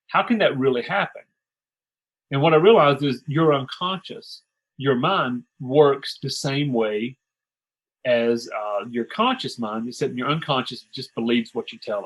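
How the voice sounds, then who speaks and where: A middle-aged man, a sales coach, telling stories in an animated, chatty way with quick asides and restarts. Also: medium pitch, husky, rough recording. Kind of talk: conversational storytelling.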